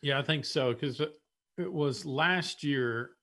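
A man's voice: a little high, unhurried, fairly bright tone. A man co-hosting a casual podcast, chatty and easygoing. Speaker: podcast co-host.

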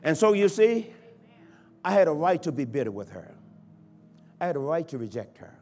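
A man with a notably high voice preaches a sermon in a church. He is fervent and dynamic, sinking to quiet pleading and then surging to full-voiced cries as a bishop. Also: very animated, moderate pace, faint music behind. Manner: impassioned preaching that swings from hushed to shouting. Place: church sanctuary.

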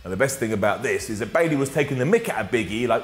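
Lively, sarcastic British man reviewing. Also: medium pitch, very fast, roomy sound. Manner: sarcastic, jokey, full of acted quotes. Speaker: wrestling show reviewer. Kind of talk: comedic show recap.

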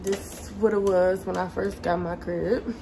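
A woman's voice: lowish voice, little pitch movement, unhurried, gravelly, dark tone, slight background noise, rough recording. A young woman, vlogging casually at home into her phone camera in a rambling, chatty way. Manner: chatty, rambling, lots of "like" and "y'all". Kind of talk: casual home vlog chat. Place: at home, moving between rooms. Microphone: phone camera, sometimes propped farther away.

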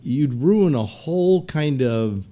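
An older man hosts a casual chat show, spinning stories at an easy pace. He leans on fillers like "uh" and "you know" and slips into mock voices when quoting others. His pitch sits in an ordinary middle range. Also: expressive, takes it slowly, warm tone. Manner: storytelling, many fillers, mimics quotes. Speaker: podcast host.

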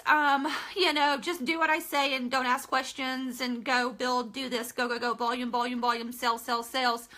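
High, bright-voiced woman coaching live. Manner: chatty, greets viewers, frank asides. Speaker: network marketing coach. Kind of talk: live-stream coaching talk.

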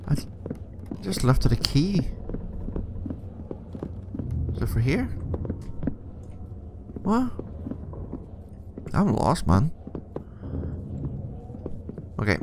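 A man's voice: mid-range voice, noisy background. A man thinking aloud as he plays a horror game, swearing a lot, with game music behind him. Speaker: let's play gamer.

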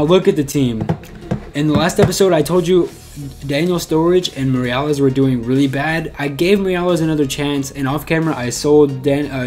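A young gaming YouTuber records casual commentary, rambling, frustrated and putting himself down. His voice is a little high and a little mellow.

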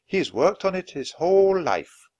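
A man's voice: sits high, very animated, normal speed, darkish tone, dull audio, voice pushed up. A man reading aloud voices an earnest, welcoming adult male monk who proudly shows visitors around.

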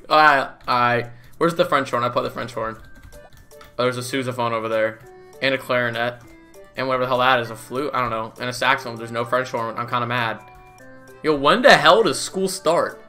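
Goofy young man with a bright voice. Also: medium pitch, fairly quick, faint music behind. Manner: goofy, laughs often, swears casually. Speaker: gaming YouTuber. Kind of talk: casual gameplay commentary.

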